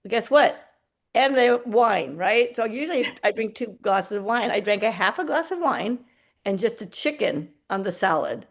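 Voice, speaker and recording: A woman's voice: mid-range voice, animated, moderate pace, gravelly. A woman on a video call, casually telling a story and acting out the dialogue. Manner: chatty, acts out quoted dialogue. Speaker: team member sharing a story.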